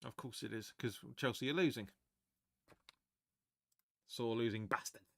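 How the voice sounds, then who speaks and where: Bright-voiced excitable football fan. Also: male voice, medium pitch, unhurried, gravelly, no room sound. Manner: excitable, chatty, swears, reads viewer comments aloud. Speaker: fan watch-along host. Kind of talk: live match watch-along commentary.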